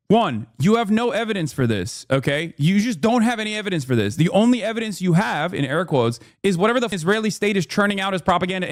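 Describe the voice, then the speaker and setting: A man's voice: sits high, expressive, fast talker, hardly any pauses. Heated, blunt male streamer. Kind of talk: live-stream political commentary.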